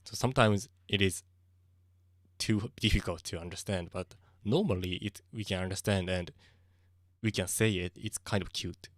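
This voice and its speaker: Low voiced japanese guy on a stream, halting english, keeps restarting, mixes in japanese, dry close mic. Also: no echo. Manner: hesitant, searching for English words, mixing in Japanese. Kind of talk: casual live-stream chat.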